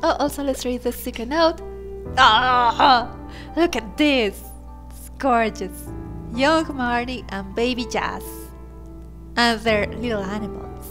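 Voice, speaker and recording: A woman's voice: fairly high pitch, slow, pauses often, a bit bright. A woman hosting a let's play, chatting casually and giggling and gushing as she comments on the game. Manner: giggly and gushing, laughs often. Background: faint game music.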